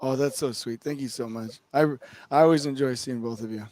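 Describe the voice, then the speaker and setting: A man's voice: medium pitch, fairly even intonation, brisk, dry recording. A man co-hosting a live stream, effusive and openly emotional in casual chat. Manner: effusive and warm-hearted.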